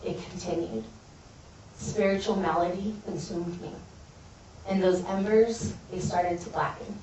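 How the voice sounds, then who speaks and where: A woman's voice: fairly low pitch, fairly even intonation, a little slow, darkish tone, far from the mic, a little hiss or hum. Earnest woman speaking in an echoey hall. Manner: earnest, heartfelt storytelling. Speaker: guest speaker. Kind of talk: personal testimony speech. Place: large building at a college event.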